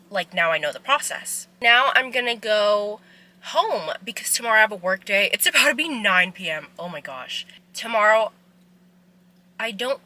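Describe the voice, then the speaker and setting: Sitting in her car, a twenty-something vlogger rambles casually to her phone camera, packing her speech with "like." Her voice is on the high side, bright and forceful, and she sounds tearful and emotional. It's a low-quality recording.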